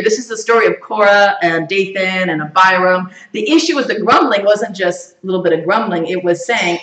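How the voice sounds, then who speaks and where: A woman teaching a Bible study to a group, lively, quizzing her listeners and laughing often. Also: medium pitch, a little slow, slight background noise. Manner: animated, asks the group questions and laughs often. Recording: echoey room, far from the mic.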